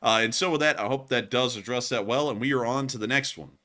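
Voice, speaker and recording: Bright-voiced man hosting. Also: medium pitch, fast. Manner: formulaic sign-offs, unscripted answers. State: under the weather. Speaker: host. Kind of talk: live stream Q&A.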